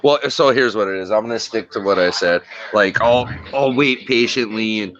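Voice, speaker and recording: Low-voiced man on dull lo-fi audio. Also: moderate pace, fairly bright tone. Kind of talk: casual online chat.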